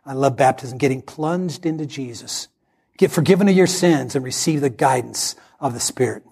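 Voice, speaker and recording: A man preaching a sermon as pastor, telling stories and acting out the dialogue with animated delivery. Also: mid-range voice, moderate pace, gravelly, breathy edge.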